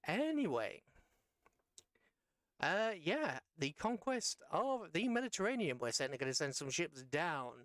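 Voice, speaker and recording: A tired man casually commenting as he plays a submarine game live, rambling and correcting himself with playful jumps in pitch. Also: very animated, measured pace, a bit bright, no echo. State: tired after a long rough day. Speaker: streamer playing a submarine game.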